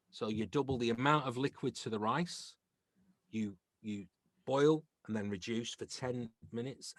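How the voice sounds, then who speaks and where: A middle-aged man from England chats as a podcast guest, spinning animated anecdotes and slipping into the voices of the people he quotes. His voice sits at an ordinary pitch for a man. The sound is close and dry, with no room echo. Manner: lively storyteller who acts out quoted voices. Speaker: guest, comedian and actor. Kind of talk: casual anecdotal chat.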